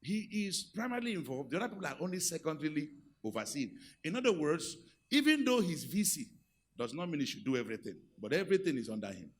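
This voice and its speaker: A middle-aged Nigerian man preaching a sermon, moving from quiet asides to loud, rousing exhortation. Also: a little high, very animated, quick pace, breathy edge. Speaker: pastor. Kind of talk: sermon on marriage and leadership.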